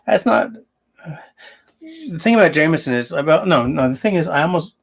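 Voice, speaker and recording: A man's voice: fairly high pitch, very animated, moderate pace, gravelly, breathy edge. A man hosting a casual livestream, answering viewers and thinking aloud as he rambles. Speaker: livestream host.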